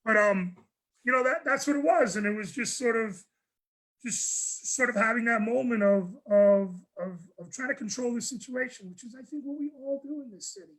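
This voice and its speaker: A man, a guest on a panel, telling a personal story in an animated way, often restarting and repeating words. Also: very high voice, normal speed, poor audio. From New York. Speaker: guest speaker.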